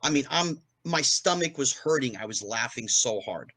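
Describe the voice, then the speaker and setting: A middle-aged man, a podcast guest, telling anecdotes in a lively way and acting out the voices of people he quotes. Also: mid-range voice, moderate pace, husky, rough recording. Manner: animated, acts out quoted voices. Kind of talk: anecdotal storytelling.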